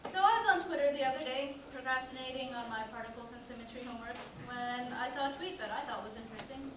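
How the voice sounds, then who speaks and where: A young adult woman speaks fast and high-pitched, giving a personal talk at a student event in a campus lecture hall, with a crowd in the background. She is humorous and sarcastic, poking fun at herself. She isn't using the mic, so the sound is distant, very echoey, and noisy.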